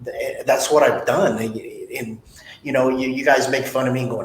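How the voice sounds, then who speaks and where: A man's voice: steady tone, moderate pace. Give me a motivational man interviewing a guest, in an echoey room. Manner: blunt, motivational, tells stories. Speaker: podcast host, sales trainer. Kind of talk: casual interview talk. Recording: echoey room with faint rumble.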